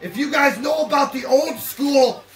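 A man hosting a home unboxing vlog, hyping every item with loud, shouted catchphrases in a collection room. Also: extremely high pitch, a little slow, faint music behind.

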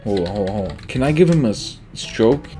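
A young man giving casual, slangy commentary over his own gameplay, excitable and quick to laugh, often repeating himself. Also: lowish voice. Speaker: gaming YouTuber. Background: faint guitar music.

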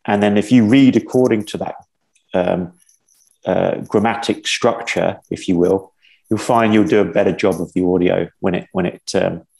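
A man's voice: low voice, steady tone, moderate pace, vocal fry, darkish tone. A man talking as a podcast guest in casual conversation, hesitant and full of fillers. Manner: hesitant, many fillers and restarts.

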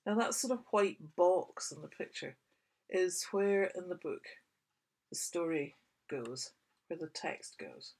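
A woman author reading a picture book aloud to small children, gently asking her young listeners questions. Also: lowish voice, expressive, slow, breathy edge.

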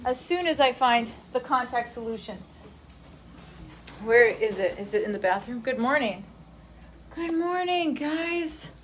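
A woman's voice: sits high, fairly bright tone, slight background noise. A young woman in casual, rambling live-stream chat from her family home at night, reading out viewer comments. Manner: rambling, chatty, scattered.

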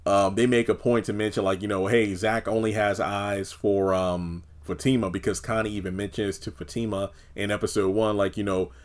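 A man's voice: fairly low pitch, a little mellow. A man giving a casual, opinionated recap of a TV episode, talking loosely with lots of fillers and acting out the characters' lines. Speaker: TV episode reviewer.

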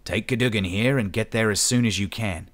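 A gruff, blue-furred alien mercenary, voiced by a male audiobook narrator. He talks bluntly and tersely in a low, plain voice. Every line comes out short and hard. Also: fairly quick, close to an everyday voice. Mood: urgent.

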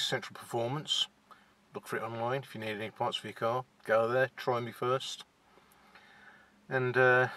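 Young West Midlands man, shy first-time vlogger, bright-voiced, hesitant, chatting in his car. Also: medium pitch, no room sound. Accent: West Midlands (Wolverhampton). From England. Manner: shy, hesitant, many fillers and restarts. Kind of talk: casual to-camera chat. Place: inside a parked car.

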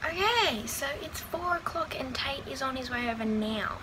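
A woman's voice: fairly high pitch, normal speed. A young woman from Australia chatting casually in a get-ready-with-me vlog, rambling with lots of fillers, recorded indoors on a phone camera. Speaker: vlogger. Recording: loud background noise.

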